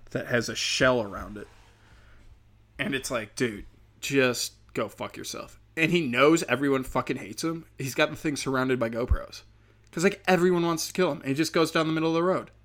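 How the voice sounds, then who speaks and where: A man hosting a casual comedic rant, profane, rambling and darkly sarcastic. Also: medium pitch.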